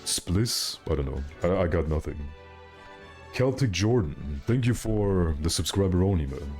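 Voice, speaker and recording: A man's voice: low voice, expressive, unhurried, a little mellow, faint music behind. A man streaming a game, chatting casually with his viewers in a joking, self-mocking, rambling way. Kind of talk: casual live-stream chat.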